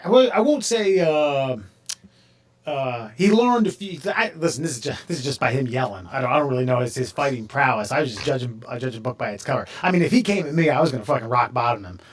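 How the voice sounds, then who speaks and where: A man's voice: mid-range voice, lively intonation, fast talker. Male podcast co-host, average voice, rambling casual storyteller. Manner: rambling, restarts, swears casually.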